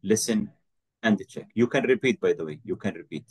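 A male English teacher with a husky, breathy voice runs an online lesson. He talks patiently, prompting his student and repeating each correct answer back to her. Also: lowish voice, expressive, a little fast, darkish tone.

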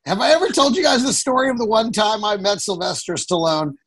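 A man co-hosting a podcast, chatting casually in a lively, jokey way. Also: sits high, a little fast, slightly rough. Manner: lively, jokey, loud bursts. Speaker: podcast co-host. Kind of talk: casual chat.

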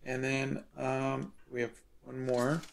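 Male artist-host, mid-pitched gravelly voice, relaxed storytelling with fillers. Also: takes it slowly, a little hiss or hum. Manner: easygoing storytelling to viewers, hesitant fillers. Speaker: artist hosting a livestream. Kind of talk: casual livestream chat.

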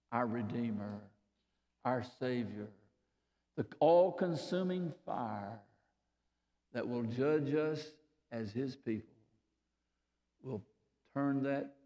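A man with a Southern US accent preaching a sermon as pastor, swinging between loud, fervent build-ups and low, quiet passages. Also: lo-fi sound. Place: church sanctuary. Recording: reverberant church hall.

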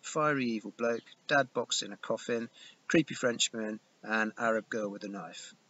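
A man's voice: on the low side, moderate pace. A man doing a sarcastic British girl narrator. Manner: sardonic, mocking asides. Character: sharp-tongued British girl, about twelve, sarcastic narrator. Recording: dull lo-fi recording with loud noise.

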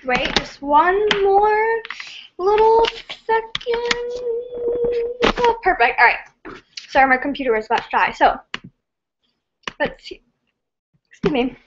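A woman hosting a casual live stream, reading viewer comments in an excitable, scattered and giggly way. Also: very high voice, slow pace, long pauses, highs cut off, noisy background.

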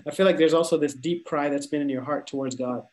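A man's voice: fast, darkish tone. Fervent man prophesying in church. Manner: fervent, repeating phrases and rising in pitch. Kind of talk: prophetic ministry over a congregation. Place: church service.

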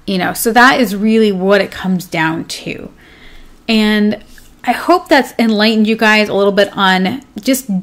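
A woman coaching pet groomers in a casual live class, chatty and upbeat, rambling with plenty of fillers. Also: a little high. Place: home with her dog nearby.

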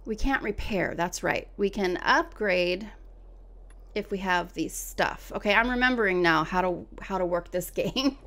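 A woman streaming a co-op game, giving casual commentary in an excitable manner, often exclaiming and laughing. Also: lowish voice, measured pace. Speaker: gaming streamer.

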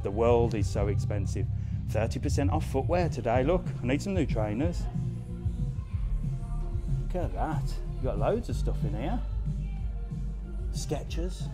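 A man live-streaming a walking tour of a resort town, chatting casually and answering comments as he goes. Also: mid-range voice. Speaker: travel vlogger on a live walk. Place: outdoors in a resort town streets and squares.

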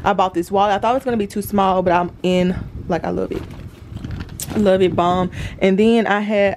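A woman, chatting excitedly to her viewers in a casual vlog. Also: mid-range voice, brisk, slight background noise. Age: 20s. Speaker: vlogger and small business owner.

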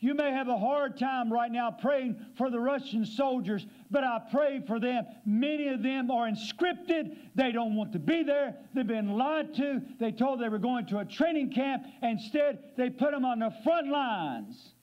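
A man preaching a sermon from a church pulpit, his voice sitting high for a man. He slows down on the scripture lines and drops into quiet, low passages for effect. The church recording sounds dull and muffled. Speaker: guest preacher. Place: church sanctuary.

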